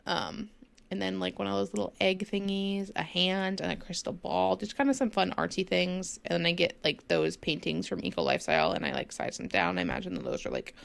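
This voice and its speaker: Here the same gaming host speaks in a mid-range, gravelly voice at a moderate pace, her pitch swinging widely. She's sleepy and yawning as she rambles chattily over a game build, dropping lots of fillers.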